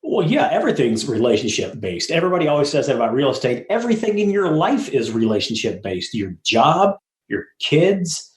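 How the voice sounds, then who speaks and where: A middle-aged man talks at medium pitch, a little fast and with hardly any pauses, guesting on a casual interview as an apartment syndicator. He's a lively, blunt, foul-mouthed storyteller who acts out the people he quotes. The room echoes.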